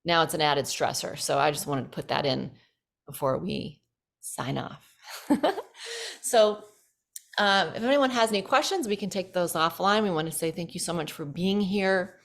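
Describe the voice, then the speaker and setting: A woman hosting a casual health chat, explaining tips in a steady instructive way. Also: deep voice, creaky. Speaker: host.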